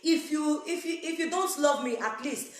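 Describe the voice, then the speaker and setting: A woman's voice: sits high, normal speed. A woman with a Nigerian accent makes an emphatic, repetitive appeal to her viewers, dropping into pidgin and pouring out prayer-like blessings. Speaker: YouTube content creator. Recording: echoey room.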